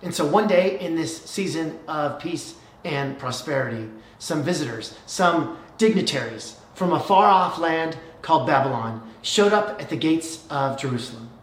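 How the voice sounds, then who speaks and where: Animated preacher in a roomy hall. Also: mid-range voice, normal speed, recorded from a distance. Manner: animated storytelling, shifts between hushed and loud. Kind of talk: sermon.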